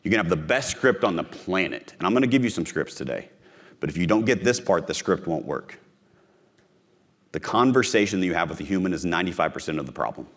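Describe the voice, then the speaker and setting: A man from Missouri, USA gives a live conference talk on sales in a deep, animated voice, talking fast. He's punchy and direct, repeating his key phrases and addressing the audience head-on.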